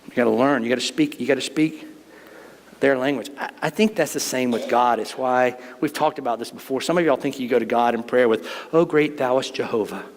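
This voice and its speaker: A middle-aged pastor gives a conversational sermon in a church sanctuary, speaking directly to his congregation with jokes and a folksy manner. His voice sits in the mid-range and moves fairly quickly. The sanctuary adds a long reverb to the recording.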